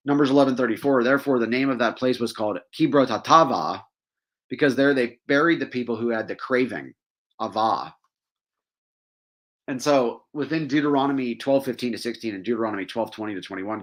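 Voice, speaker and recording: A man's voice: mid-range voice, a bit bright. A man hosting a talk show, reading verses aloud and explaining them in a casual, wry way, with small laughs and asides. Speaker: podcast host. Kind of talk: casual scripture teaching.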